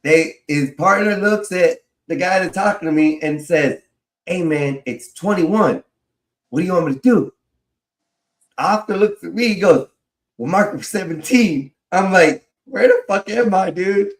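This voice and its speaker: A man with a fairly high voice tells a personal story in a relaxed, casual way. He swears freely and laughs as he goes. His voice sounds roomy, with a clear echo around it. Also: a little slow. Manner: animated, swears freely, laughs while telling.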